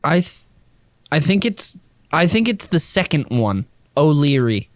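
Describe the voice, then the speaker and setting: A man's voice: a little high, sing-song, a little slow. A man co-hosting a podcast, talking in a playful, teasing way. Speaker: podcast co-host. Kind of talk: casual chat.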